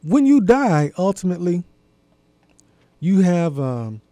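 A man with a fairly high but very dark, mellow voice, talking in a slow, folksy monologue. He stops to pose questions straight to his listeners. The sound is dry and close. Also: big pitch swings, no echo. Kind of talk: reflective monologue.

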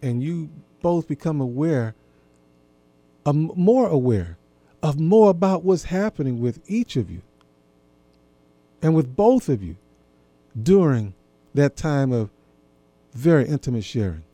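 Earnest man with a mellow voice. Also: fairly high pitch, animated, measured pace, pauses often, no echo. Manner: earnest, gently instructive, repeats phrases. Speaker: marriage and intimacy speaker. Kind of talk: reflective talk to listeners.

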